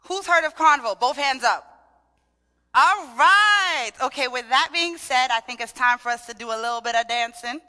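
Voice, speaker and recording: A bright, forceful woman with a sing-song Trinidadian-tinged New York lilt, playfully working a conference crowd. Her voice rings through a large hall with long reverb from the PA. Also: fairly high pitch, fast talker, hardly any pauses, smooth. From Brooklyn, of Trinidadian family. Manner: sing-song, animated, playful, leads call-and-response. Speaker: dance workshop leader. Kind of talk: lively talk to a conference audience.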